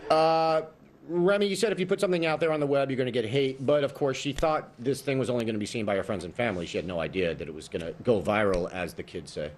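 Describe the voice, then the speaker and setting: A man's voice: mid-range voice, fast, a little hiss or hum. A man chatting on a talk show panel, hedging with fillers. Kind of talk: casual panel discussion.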